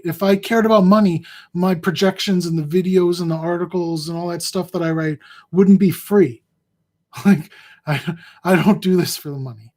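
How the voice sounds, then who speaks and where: A man who analyzes fantasy sports, talking straight to his viewers in a rambling, halting way, emotional and in physical pain. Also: high voice, darkish tone. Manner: rambling, halting, repeats words. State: emotional, near tears. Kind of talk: heartfelt casual address to viewers.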